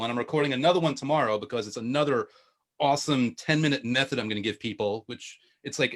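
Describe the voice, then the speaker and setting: A man chatting as a show guest, telling animated stories and laughing often. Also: medium pitch. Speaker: guest, video podcaster. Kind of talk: casual chat.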